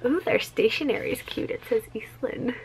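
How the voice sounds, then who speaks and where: A young woman vlogs casually to the camera in a fairly high voice at a moderate pace, with slight background noise. She's bubbly and gushing, frequently saying "you guys" and "like."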